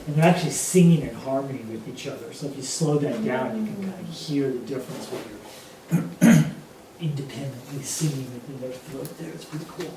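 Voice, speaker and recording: A man's voice: medium pitch, moderate pace. A man giving an informal talk to a group about birds, chatty and now and then imitating bird calls. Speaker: presenter on birds. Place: indoor community talk hall. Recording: echoey room from far off, faint noise.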